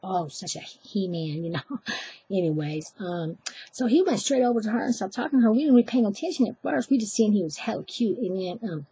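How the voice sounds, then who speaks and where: Husky woman telling a story. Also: medium pitch, fast talker. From Oakland, California. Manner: chatty, animated, acts out voices, self-deprecating asides. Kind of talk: live personal storytelling.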